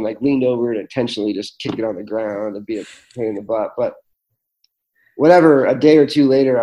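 Earnest man, mellow voice. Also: mid-range voice, low-quality recording. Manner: earnest, many fillers and restarts. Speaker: guest. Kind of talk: reflective storytelling in conversation.

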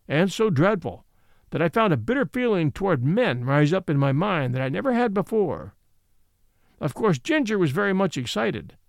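A man narrating a classic storybook in an expressive, measured way. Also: sits high, creaky, no echo, studio quality. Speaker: audiobook narrator.

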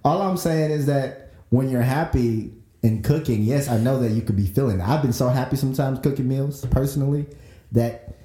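This is a man co-hosting a podcast in casual, easygoing chat. His voice is mellow and dark in tone, and he rambles a little, leaning on fillers. The recording carries a roomy echo. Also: mid-range voice, moderate pace. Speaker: podcast co-host.

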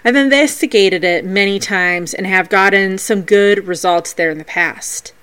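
A woman with a medium-pitched voice hosts a podcast, recounting her paranormal investigations in a scripted yet playful, animated way. She speaks at a measured pace with a clean tone.

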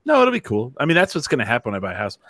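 A man's voice: mid-range voice, wildly swooping pitch, rapid-fire, fairly bright tone. A man hosting a casual chat show, joking and teasing his guests. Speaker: show host.

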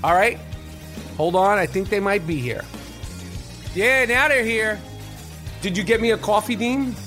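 A man's voice: high voice, animated, unhurried, bright, forceful tone, faint music behind. A man hosting a podcast in casual banter, brash, teasing and full of swearing. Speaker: podcast host.

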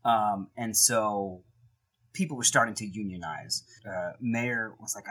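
A man's voice: lowish voice, a little slow, fairly bright tone, slightly rough. A man co-hosting a podcast in casual chat, playfully acting out quotes from history. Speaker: podcast co-host.

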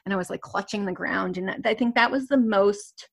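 A woman's voice: medium pitch, normal speed, gravelly, husky. A woman guest telling a personal story in conversation, rambling with many fillers and restarts and nervous laughs. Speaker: interview guest.

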